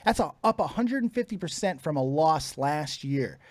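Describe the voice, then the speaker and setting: A man's voice: on the high side, moderate pace, no echo. A middle-aged man co-hosting a casual podcast, swearing freely and laughing often. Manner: profane, laughs often, excitable. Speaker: podcast co-host.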